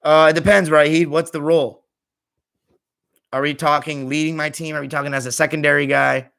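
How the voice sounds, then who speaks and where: A young American man hosting a live stream, reading chat comments in a tired, offhand way and trailing off quietly at the ends of phrases. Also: a little high, little pitch movement, fairly quick, gravelly, smooth.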